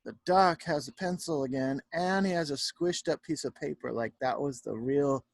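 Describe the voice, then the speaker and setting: A man reads a picture book to young children on a home video, breaking off often to chat with them about the pictures. His voice sits a little high and sounds husky, and the recording is dry and close. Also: moderate pace, no room sound. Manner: animated, chatty, talks to the kids. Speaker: teacher.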